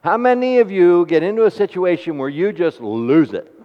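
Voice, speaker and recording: A man preaching a sermon, asking the congregation questions and telling homely stories in an animated way. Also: high-pitched, moderate pace. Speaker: pastor. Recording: dull recording with long hall reverb.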